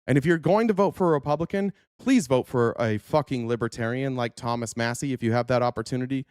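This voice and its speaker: A man's voice: medium pitch, fast, a little mellow, no room sound, clean studio sound. A man hosting a political livestream, ranting heatedly with profanity and restarts while reacting to clips and chat. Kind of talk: casual livestream commentary.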